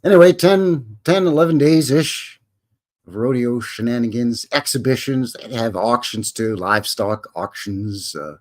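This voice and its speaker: A man's voice: mid-range voice, a little slow. A man from Alberta with a Canadian accent, hosting a live stream in a rambling, folksy way and greeting viewers by name. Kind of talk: casual live-stream chat.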